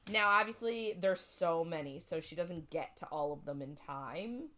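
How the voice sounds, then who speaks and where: A woman's voice: lowish voice, expressive, measured pace, sharp tone. A woman co-hosting a casual book podcast, retelling the plot in a rambling way full of "like" and "um". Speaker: podcast co-host.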